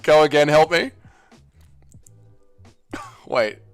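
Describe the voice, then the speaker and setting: A young Australian man hosting a casual livestream watch-along, excitable and swearing freely as he reads chat aloud. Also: a little high, extremely slow, clean tone, no room sound, soft background music. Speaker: livestream host.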